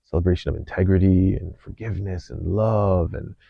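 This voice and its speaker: A man hosting a podcast, earnestly telling a personal story in an unhurried way, with many fillers and restarts. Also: deep voice, vocal fry, dry recording. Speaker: podcast host. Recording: slightly dull dry sound.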